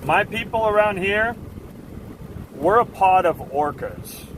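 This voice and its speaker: A man hosts a live stream and chats with his viewers in passionate, assertive bursts. His voice sits fairly high and he takes his time. A faint hum of traffic runs behind him. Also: animated, slow, fairly bright tone. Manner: assertive, fired-up rants. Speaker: livestream host. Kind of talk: casual chat with live chat.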